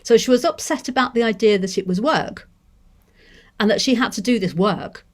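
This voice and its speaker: Measured Mancunian woman lecturing. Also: a little high. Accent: English, Manchester. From Manchester, England. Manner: measured, thoughtful, with restarts and hedges. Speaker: lecturer on deaf education. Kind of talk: academic seminar talk.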